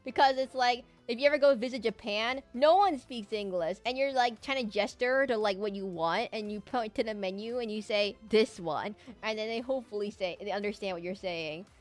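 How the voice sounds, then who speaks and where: A woman's voice: on the high side, brisk, hardly any pauses, faint music behind. A young woman streaming as a VTuber, chatting casually and self-deprecatingly while she draws. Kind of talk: casual chat while drawing live.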